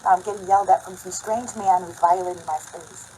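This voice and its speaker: Lower-pitched woman vlogging, emphatic. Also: fairly even intonation, a little fast, dark tone, slight background noise, low-quality recording. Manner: conversational, emphatic, talks directly to viewers. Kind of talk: casual monologue to camera.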